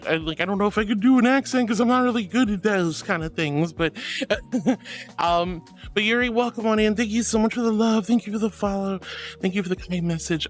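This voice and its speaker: A man streaming live, reading chat messages one by one in a gentle, affectionate way, calling viewers sweetie and honey with hesitant fillers. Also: sits high. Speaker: VTuber streamer. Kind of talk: casual livestream chat reading.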